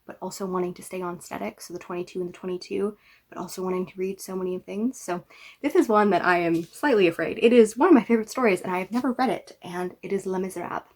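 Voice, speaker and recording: A woman's voice: mid-range voice, fast, darkish tone. A young woman chatting to camera about her reading list, chatty and wry, with playful asides and the odd whispered word. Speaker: book vlogger. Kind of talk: casual book talk to camera.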